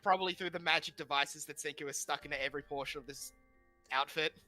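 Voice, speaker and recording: A man's voice: a little high, fairly even intonation, fast, bright, forceful tone, soft background music. A man chatting and joking as a player in an online tabletop role-playing session, teasing the others and laughing often. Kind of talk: casual tabletop banter.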